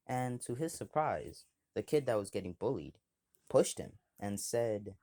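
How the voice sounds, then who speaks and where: A man's voice: lowish voice, takes it slowly, darkish tone. A man casually retelling a fan story, rambling with fillers and repeating himself.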